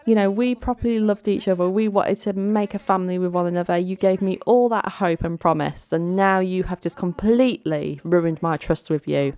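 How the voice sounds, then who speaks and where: Jilted groom, livid and hurt, voiced by a woman streamer, quick accusing delivery, low voice. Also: darkish tone, dry recording, lightly acted. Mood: angry, hurt. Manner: indignant, accusing, rapid. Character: heartbroken man jilted at the altar, furious.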